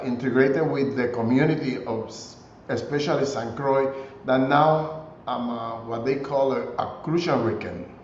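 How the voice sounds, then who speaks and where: An older man as an interview guest, telling stories in an easygoing way with frequent pauses and filler sounds. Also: medium pitch, echoey room, highs cut off, a little hiss or hum. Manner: relaxed storytelling with frequent hesitations. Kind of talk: conversational interview.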